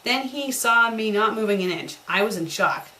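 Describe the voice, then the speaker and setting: A woman's voice: mid-range voice, animated, moderate pace, bright, forceful tone, rough recording. A woman doing a comedic dramatic reading of a bad fan story, breaking off for sarcastic, mocking remarks. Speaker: fanfiction critic.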